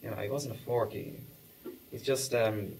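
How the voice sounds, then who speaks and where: Casting: a man as a hesitant, rambling acquaintance with a short fuse, mid-pitched voice, faint noise behind. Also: normal speed, vocal fry, a little mellow, distant mic, close to an everyday voice, poor audio. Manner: hesitant and rambling, turning into short-tempered swearing. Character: irritable man who knew the fork-man as a child. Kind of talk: mockumentary acting.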